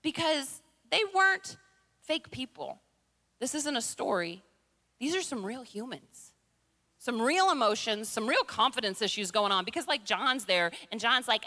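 Bright, high-voiced woman preaching. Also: animated, a little slow. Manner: humorous, conversational, playful impressions. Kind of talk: sermon. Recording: long reverb in a large hall.

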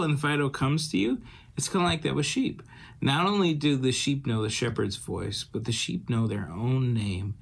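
A pastor talking informally to children, folksy and rambling with restarts. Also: male voice, medium pitch, vocal fry, a bit bright.

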